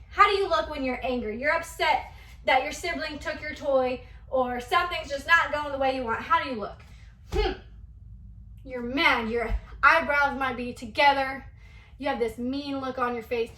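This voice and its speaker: A young woman teaching dance to little kids, her high, bright voice coaxing and lively. She stands back from the mic in an echoey room, so the sound carries a roomy ring. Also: far from the mic. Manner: animated, coaxing, speaking to young children. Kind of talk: kids' movement class demonstration.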